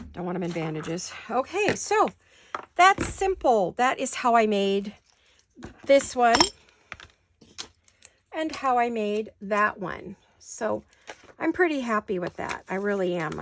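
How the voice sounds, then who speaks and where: A woman's voice: mid-range voice, expressive, moderate pace, noisy background. A middle-aged woman hosting a craft tutorial from her home studio, chatting and muttering asides to herself while she works, with the hiccups. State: has the hiccups. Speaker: craft video host.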